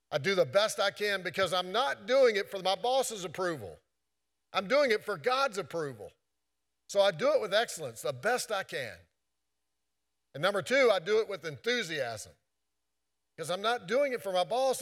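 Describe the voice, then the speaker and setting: A man's voice: sits high, fairly bright tone. A man preaching a sermon in an earnest, repetitive way, quoting scripture often.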